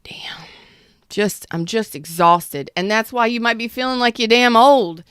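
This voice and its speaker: A woman's voice: a little high, measured pace, a bit bright, clean tone, dry recording, clean studio sound. A woman in her thirties giving a casual tarot reading, blunt and emphatic, swearing freely. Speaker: tarot reader.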